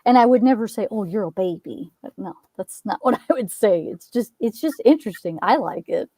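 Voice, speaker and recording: A woman's voice: medium pitch, animated, brisk, mellow, husky, no room sound. A woman in her thirties in a casual chat, rambling and chatty, laughing and swearing. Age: 30s. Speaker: co-host.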